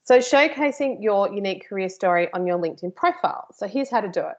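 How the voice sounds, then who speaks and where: A woman's voice: mid-range voice, lively intonation, quick pace, dull audio. A woman teaching a live workshop, chatty and informal, with playful asides to her host. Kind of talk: live online workshop presentation.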